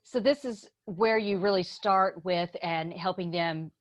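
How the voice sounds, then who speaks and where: A woman's voice: on the low side, unhurried. A woman with a Southern US accent co-hosting a casual podcast, chatty and giggly with folksy sayings. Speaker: podcast co-host.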